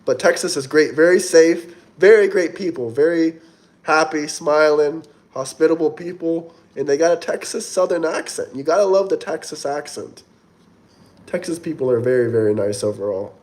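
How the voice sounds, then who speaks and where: A man's voice: on the high side, moderate pace, darkish tone. Chatty man reading livestream comments. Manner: chatty, rambling, reads viewer comments aloud. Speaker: livestream host reading chat. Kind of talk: casual livestream chat.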